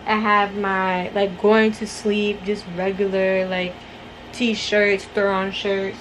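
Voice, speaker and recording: A woman's voice: medium pitch, level tone, takes it slowly, a little hiss or hum, low-quality recording. A young adult woman chatting casually to her viewers in a vlog, rambling and addressing them as y'all, from her bedroom. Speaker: vlogger.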